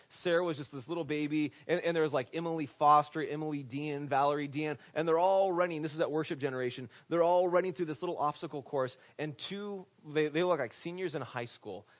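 A male pastor preaching an animated, conversational sermon that is full of rhetorical questions to the congregation. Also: a little high, fast talker, hardly any pauses. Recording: dull lo-fi recording.

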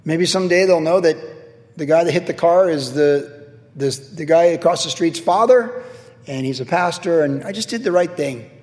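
A man's voice: a little high, normal speed, darkish tone, in a large hall. A middle-aged man preaching a sermon as a pastor, telling a personal story in a casual, self-deprecating way.

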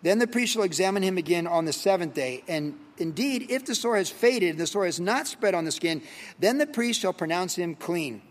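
High-voiced man preaching in a reverberant hall. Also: animated, moderate pace. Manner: conversational, lots of fillers and rhetorical questions. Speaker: pastor. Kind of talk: verse-by-verse Bible teaching.

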